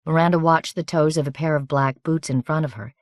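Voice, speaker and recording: A woman narrating an audiobook in an even, measured, scripted reading on a close studio microphone. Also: deep voice, no echo.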